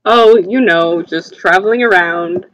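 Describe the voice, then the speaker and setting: A tabletop player giving deadpan, dry replies in casual role-play. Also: mid-range voice, measured pace, dry recording, poor audio.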